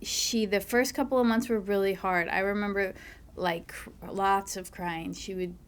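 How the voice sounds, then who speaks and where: A woman, a mother, talking as a podcast guest, soft-spoken and halting, with many fillers and breathy, near-whispered stretches. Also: medium pitch, fairly even intonation. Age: adult, a mother. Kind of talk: casual conversation, personal storytelling.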